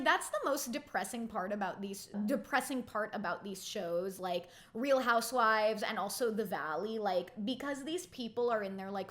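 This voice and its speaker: A woman's voice: medium pitch, a bit bright. A woman in her twenties giving a casual, opinionated recap of a reality TV episode, filling her talk with "like". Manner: chatty and opinionated, heavy use of "like".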